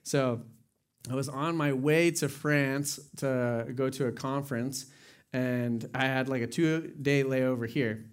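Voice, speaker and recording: A man's voice: mid-range voice, takes it slowly, smooth. A young man, a pastor, telling a funny personal story in a loose, chatty way before moving into a sermon. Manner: casual, storytelling with laughs and quoted dialogue.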